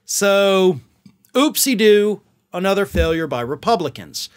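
Man, political commentary host, high-pitched voice, sarcastic, mocking, exasperated. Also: sing-song, a little slow.

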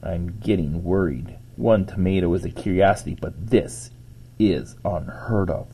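A man's voice: low-pitched, unhurried, dark tone, breathy edge, voice pushed down, heavily acted. A man reading a children's book aloud, voicing a worried, flustered middle-aged mother.

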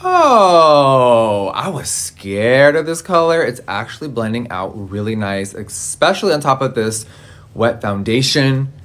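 A man's voice: medium pitch, measured pace. A man in his thirties reviewing makeup in a casual vlog, campy, sassy and freely swearing. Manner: campy, sassy and profane, lively exclamations.

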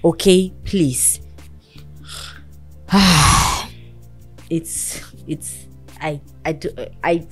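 A woman with a low voice hosts a talk show. She counsels a young guest in an earnest, motherly way and preaches encouragement. Soft music plays faintly under her. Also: sing-song, very slow, pauses often.

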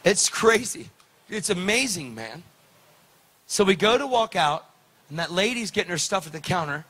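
A man preaching, telling a story with lively, preacherly delivery and acted-out dialogue. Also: high voice, normal speed. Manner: animated, preacherly, acts out dialogue. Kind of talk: sermon storytelling.

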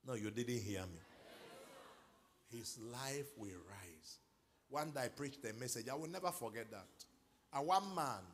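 A middle-aged Nigerian man preaching a sermon as pastor, moving from quiet asides to loud exhortation and calling for responses. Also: mid-range voice, slight background noise. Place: large church hall.

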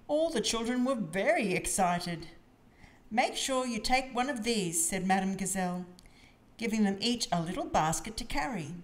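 A woman reading a children's storybook aloud in an expressive, sing-song manner. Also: mid-range voice, slight background noise.

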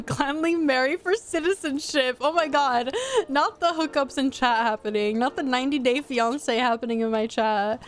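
A woman's voice: high-pitched, moderate pace, soft background music. A young woman in her twenties, a streamer chatting casually with her chat while playing a game, giggly and teasing. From United States. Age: 20s.

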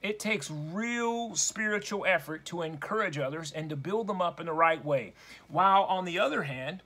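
Guy preaching a sermon, highish bright voice, slow and punchy. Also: animated. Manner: slow, deliberate preaching with dramatic emphasis.

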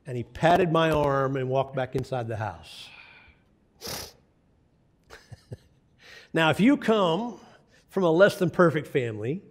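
Older man, preacher, sermon, folksy storytelling, fairly high pitch. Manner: folksy storytelling with asides to the audience.

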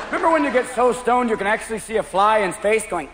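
A man's voice: sits high, lively intonation, fast talker, few pauses, heavy background noise. A man doing manic live stand-up comedy, jumping between voices in a large theater. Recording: echoey hall with loud crowd.

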